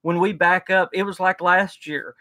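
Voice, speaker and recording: A man's voice: sits high, fairly even intonation, normal speed, pushed and bright, no room sound. A man co-hosting a live reaction stream, talking in an enthusiastic, rambling way with frequent restarts. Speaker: livestream co-host. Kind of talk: casual live reaction chat.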